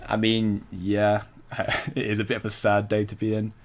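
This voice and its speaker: A man's voice: lowish voice, completely flat delivery, moderate pace. A young man hosting a casual crypto livestream, chatting loosely, answering viewer comments and laughing often.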